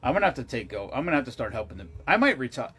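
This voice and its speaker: A man's voice: mid-range voice, big pitch swings, very fast, fairly bright tone, breathy edge, soft background music. A middle-aged man hosting a casual livestream, telling rambling stories in a loose, profane way. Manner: rambling, profane storytelling with laughs. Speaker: livestream host.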